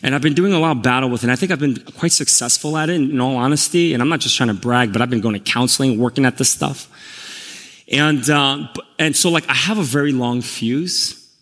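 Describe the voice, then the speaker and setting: A middle-aged pastor telling a personal story in a sermon, candid and self-deprecating, growing animated. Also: male voice, medium pitch, fairly quick. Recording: long reverb of a large hall.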